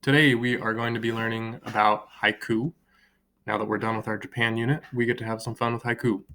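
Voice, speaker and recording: A young man teaching a recorded lesson to children, explaining patiently and slowly drawing out words to count their beats. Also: fairly low pitch, level tone, sharp tone, slight background noise. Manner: slow, drawn-out word clapping and counting; friendly, patient classroom explaining.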